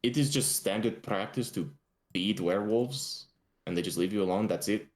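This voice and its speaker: A man's voice: on the low side, moderate pace, darkish tone. A man playing his character in a tabletop game, speaking in a formal, wry way. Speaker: player.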